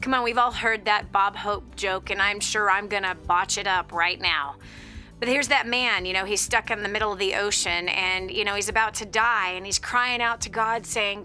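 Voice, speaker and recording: Bright-voiced woman radio host. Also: medium pitch, fairly even intonation, moderate pace, soft background music. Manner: earnest, repeats words as she restarts. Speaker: radio talk show host. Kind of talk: conversational radio talk.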